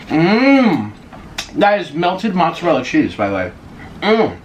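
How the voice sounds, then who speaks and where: Excitable, animated man in his twenties. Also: fairly high pitch, slow, muffled recording, a little hiss or hum. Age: 20s. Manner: excitable, gushing, many gasps and squeals. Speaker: vlogger. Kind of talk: casual mukbang chat. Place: apartment in a busy city. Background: faint street ambience.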